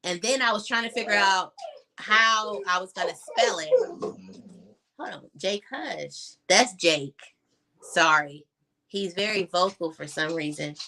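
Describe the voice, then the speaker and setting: Speaking at an unhurried pace in a mid-range, sharp-toned voice, this young adult woman is a guest on a video call, with a slight hiss or hum in the audio. She opens up about her own story frankly, full of filler words, and at times gets choked up.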